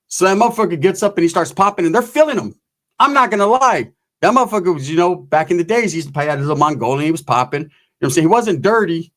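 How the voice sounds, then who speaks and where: A man's voice: high voice, expressive, fast, a bit bright. A middle-aged man telling profane, slangy comic stories in a casual way. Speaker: comedic storyteller. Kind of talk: casual comedic storytelling.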